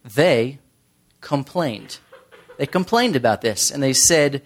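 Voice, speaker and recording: A man preaching a casual sermon who tells stories and briefly acts out the crowds. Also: mid-range voice. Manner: conversational, animated storytelling with quick voices for crowds. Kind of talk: casual sermon with acted-out scenes.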